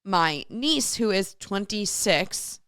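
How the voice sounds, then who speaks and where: A woman's voice: medium pitch, animated, slow pace, a bit bright, clear, resonant tone, no echo, clean studio sound. A woman hosting a radio show solo, telling a story in a chatty way and reading listener messages aloud. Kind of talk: casual solo radio chat.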